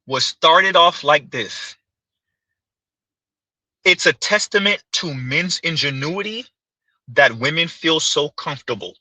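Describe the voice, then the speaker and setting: A man co-hosting a casual commentary show, speaking in a measured way and correcting himself mid-thought. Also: on the high side, lively intonation, bright, forceful tone, no room sound, poor audio.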